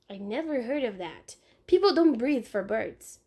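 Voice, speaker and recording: A woman, a teacher, reading a children's novel aloud in clear, unhurried storytelling. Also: a little high, lively intonation, warm tone.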